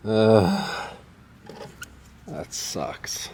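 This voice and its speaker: A car DIY vlogger casually narrates a do-it-yourself car repair while he works, chatty and muttering to himself as a how-to guide. His voice is on the low side, at normal speed.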